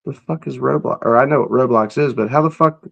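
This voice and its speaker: A man's voice: mid-range voice, a little fast, vocal fry, fairly bright tone, slightly rough, muffled recording. A man hosting a casual live stream, reacting to clips and chatting with viewers in an offhand, profane way. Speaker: livestream host.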